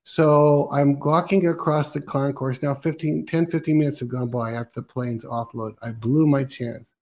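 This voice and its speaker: Mid-pitched male host; casual, rambling anecdote voice with quoted asides. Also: steady tone, normal speed, a little mellow. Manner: rambling storyteller, quoting himself and others. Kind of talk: casual ministry talk show chat.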